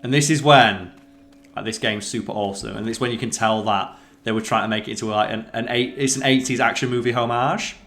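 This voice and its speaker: Fast-talking excitable male gamer. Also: mid-range voice. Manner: excitable, swears freely, quizzes his co-player. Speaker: let's play host. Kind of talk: casual gameplay commentary.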